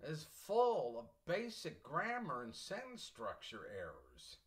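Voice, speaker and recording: This is a recorded lecture in which a middle-aged man teaches a college English class, bluntly rambling, repeating himself and wandering off into anecdotes. His fairly high, fairly bright voice moves slowly with huge pitch swings.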